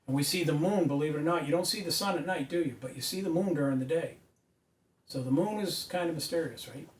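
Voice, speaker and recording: A man lectures preachily at a whiteboard, emphatic and rising to loud insistence, speaking quickly in a slightly high voice. The indoor recording comes from a distant camera mic, echoey, with a little hiss or hum.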